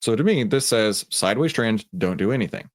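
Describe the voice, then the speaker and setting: A man's voice: fairly low pitch, lively intonation, brisk. A man with a Texan accent hosting a casual live-stream about stock trading, chatting with viewers and greeting them by name with many fillers. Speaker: livestream host of a trading room.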